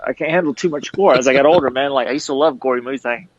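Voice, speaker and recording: Medium in pitch but racing along, a middle-aged ex-tour manager rambles casually on a podcast in a laid-back way. The lo-fi audio is slightly dull, with a little hiss or hum.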